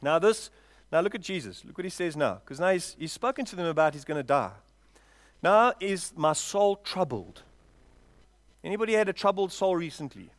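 A man with a high voice preaches a sermon, dry and close with little room sound. He swings from loud, drawn-out lines down to quiet asides. He keeps turning to his congregation with questions. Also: very animated, dry recording. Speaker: pastor. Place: church, before a congregation.

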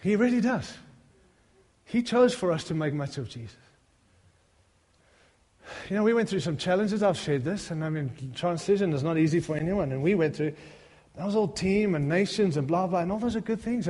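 A middle-aged pastor preaches to his congregation in a high, dark-toned voice. He opens with humorous, self-deprecating stories that build into fervent appeals, and a long reverb makes it sound like he fills a large church hall.

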